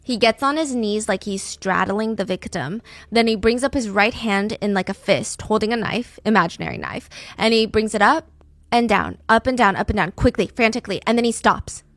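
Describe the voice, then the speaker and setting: A woman hosting a podcast, telling a true crime story in an animated, conversational way. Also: medium pitch, normal speed, no room sound. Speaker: podcast host.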